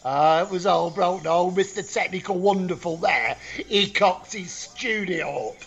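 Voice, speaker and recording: Teasing, husky-voiced male co-host. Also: high-pitched, a little slow, dull audio, soft background music. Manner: teasing, dry and mock-scolding. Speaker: radio co-host. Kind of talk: casual teasing radio banter.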